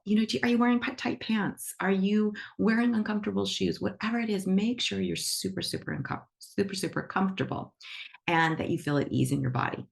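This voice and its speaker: A woman's voice: medium pitch, brisk, vocal fry. A woman teaching animal reiki to an online class over a video call, talking in an enthusiastic, emphatic and upbeat way. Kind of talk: instructional talk to an online class.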